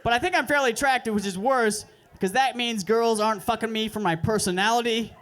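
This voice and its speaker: High-voiced young man doing crude deadpan stand-up. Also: a little fast. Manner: deadpan, crude, self-mocking delivery. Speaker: stand-up comedian. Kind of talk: stand-up set at an open mic. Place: comedy club stage.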